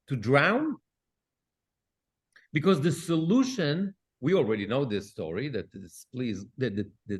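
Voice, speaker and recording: Teaching Bible study, this cantor reads out Hebrew verses and translates them, peppering the class with lively questions. He speaks on the high side with a slightly rough edge.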